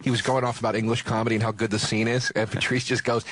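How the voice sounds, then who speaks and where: Excited man telling a backstage story. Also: a little high, a little fast, few pauses, background noise. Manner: enthusiastic, laughing while telling the story. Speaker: comedian. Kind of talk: casual storytelling among friends.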